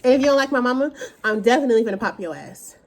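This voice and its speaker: A woman's voice: a little high, animated, very fast. A woman vlogger talking while she eats, in a blunt, profane, casual rant. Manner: talks while eating.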